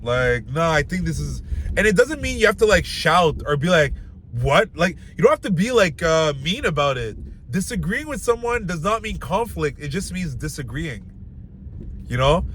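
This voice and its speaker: Young male vlogger, slightly high voice, blunt and casual, lots of fillers, faint noise behind. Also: very animated, moderate pace, fairly bright tone. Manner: loose and blunt, heavy filler words, talks straight to the viewer. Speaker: dating advice host. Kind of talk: casual advice talk to camera.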